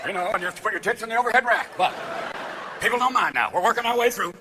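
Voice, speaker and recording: A man doing live stand-up comedy with a manic delivery, jumping between bursts of shouting and asides. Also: high voice, racing, background noise. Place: live comedy stage with laughing audience. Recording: live show audio with crowd laughter.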